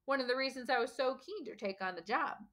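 Hagrid, a woman doing a gruff, folksy giant gamekeeper. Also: sits high, animated, quick pace, a bit bright. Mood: rueful. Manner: folksy rough country dialect. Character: huge bearded male gamekeeper, gruff but kindly.

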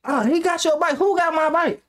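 Speaking at a normal speed in an extremely high-pitched voice, a young man hosts a reaction video. He's animated and profane, laughs frequently, and drifts into rambling anecdotes.

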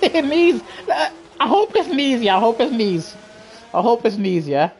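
A man's voice: very high-pitched, lively intonation, measured pace, breathy edge. A young man, streaming live racing gameplay and teasing the players in his lobby, laughing often and full of slang. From England. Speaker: gaming streamer.

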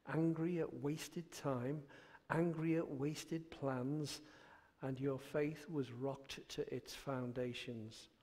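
A man hosting an interview, asking measured, reflective questions. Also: mid-range voice, fairly even intonation, darkish tone. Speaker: interviewer host. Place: church. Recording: long hall reverb.

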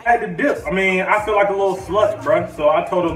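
A man's voice: fairly high pitch, a little fast, hardly any pauses, fairly bright tone. A man telling a crude, slangy story-time tale to his vlog audience with a swaggering manner. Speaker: vlogger. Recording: roomy, from a distance, faint music.

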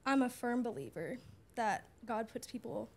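A woman's voice: on the high side, lively intonation, moderate pace, vocal fry, darkish tone, slight background noise. A young woman who is new to a podcast, speaking earnestly in casual chat while fighting back tears. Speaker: podcast guest, new member.

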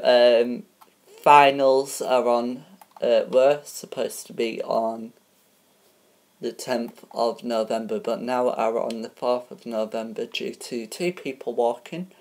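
Her voice very low and darkish, a woman fronts her own homemade parody TV show, speaking slowly and casually without polish. She keeps hesitating, plugging gaps with ums and uhs, and fumbles names along the way.

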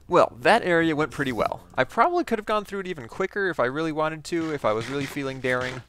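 A man hosting a game playthrough, chatting as he plays and breaking into excited exclamations. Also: mid-range voice. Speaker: gaming channel host. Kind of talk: Minecraft let's play commentary.

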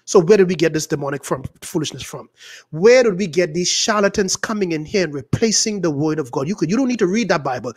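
A Bahamian man preaching with fire and indignation. His delivery swings between loud, emphatic outbursts and quieter asides. He sounds like a pastor pressing his point hard. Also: fairly high pitch, lively intonation, fairly quick, breathy edge. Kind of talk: impassioned preaching.

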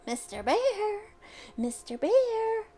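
A woman's voice: very high voice, very animated, drawn-out words, warm tone, a little hiss or hum, voice pushed up, exaggerated voice. A woman voicing a crafty old witch with a screechy, cackling voice in a storybook reading. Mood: calling out.

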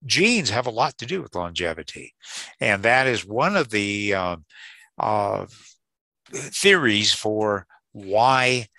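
A man's voice: on the low side, bright, forceful tone, no echo. A man giving a live seminar lecture in a chatty, joking way, often checking in with the audience and chuckling at his own jokes. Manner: chatty, jokey, checks in with "okay?" and "right?". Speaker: creation science seminar speaker.

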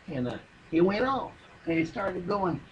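High-voiced rambling man. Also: sing-song, a little slow, muffled recording, slight background noise. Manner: rambling, profane, drawling yarn with folksy grammar. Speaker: comedian telling a story. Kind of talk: stand-up comedy monologue.

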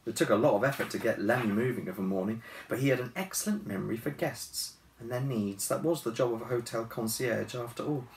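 A man who writes and illustrates children's books, chatting in a relaxed way and reading his story aloud in his office. He is recorded from a distance, with faint hiss behind him. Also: on the low side, a little fast, vocal fry, roomy sound.

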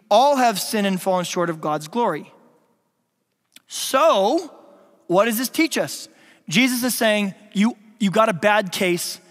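High-voiced pastor in a reverberant church. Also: male voice, a bit bright. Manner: playful, quizzes the congregation with questions. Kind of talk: sermon. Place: church sanctuary. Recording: long reverb of a church hall.

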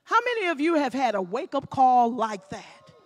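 Woman pastor, high voice, acts out the story, shouts at the peaks. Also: normal speed. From Mississippi. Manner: animated preaching, acting out scenes, shouting. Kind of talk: sermon.

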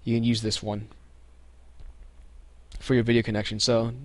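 Here a young man with a mid-range voice and moderate pace narrates a step-by-step computer tutorial, recorded with no echo. As the easygoing host of this casual screen recording, he says um a lot and keeps restarting sentences.

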